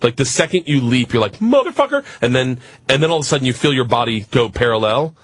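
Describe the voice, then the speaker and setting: A husky-voiced man spins a rowdy, profanity-laced story on a radio talk show. He talks at a middle pitch and jumps into the voices of the people in his tale. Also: fast talker, no echo. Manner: animated, profane, acts out voices in his stories.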